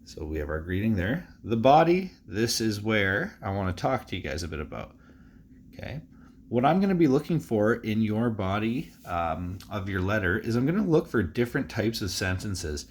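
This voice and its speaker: Male teacher, lowish voice, easygoing recorded lesson for young students, reads aloud with big expression. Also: moderate pace, husky. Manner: relaxed, chatty, with frequent fillers.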